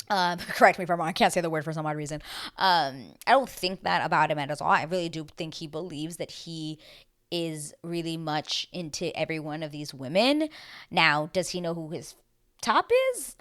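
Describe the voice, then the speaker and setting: A woman's voice: low-pitched, fairly bright tone. A young woman chatting casually as she recaps a reality TV episode, rambling with lots of fillers.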